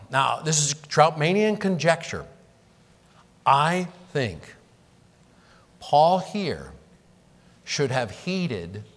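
A man preaching an expository sermon verse by verse, earnest and explanatory, posing rhetorical questions to his congregation. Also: mid-range voice. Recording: long reverb of a hall.

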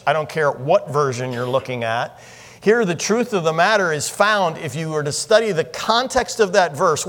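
A man preaching a sermon in a conversational teaching manner, asking the congregation questions and rising in pitch when he gets excited. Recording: long reverb of a large hall.

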